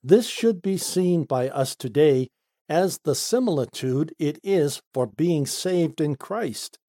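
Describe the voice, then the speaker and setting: Slow, mellow-voiced man teaching scripture. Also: expressive, no room sound, studio quality. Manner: deliberate, stressing single words with sudden lifts in pitch. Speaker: Bible teacher. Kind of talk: read-aloud Bible study commentary.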